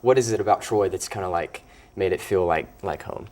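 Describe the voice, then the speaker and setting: A man's voice: sits low, fairly quick, darkish tone. A young man hosting a college sports interview show, talking in a chatty way and often restarting his sentences. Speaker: host.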